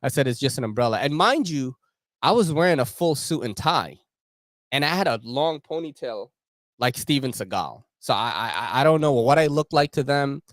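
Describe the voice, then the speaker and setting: Young male host, casual slangy chatter, very lively pitch, dry close sound. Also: moderate pace, dry recording. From Philippines. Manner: slangy, laughing, animated storytelling. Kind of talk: casual livestream chat.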